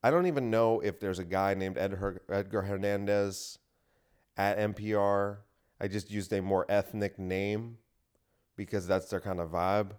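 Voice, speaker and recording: A man delivers a casual solo podcast monologue, ranting bluntly and swearing freely. His voice sits on the low side. He records alone in a home gym room. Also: a little mellow, clear, resonant tone. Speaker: comedian podcast host.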